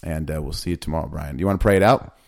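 A man's voice: extremely low pitch, very fast, vocal fry. A man co-hosting a podcast in casual talk, pressing his questions over and over. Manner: insistent, pressing questions repeatedly. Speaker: podcast co-host.

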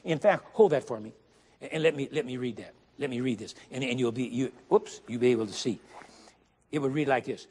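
A man preaching a sermon to a congregation, emphatic, repeating key phrases and slowly reading scripture aloud while asking the listeners questions. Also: medium pitch, a little mellow, husky. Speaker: guest preacher. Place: church sanctuary. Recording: long hall reverb.

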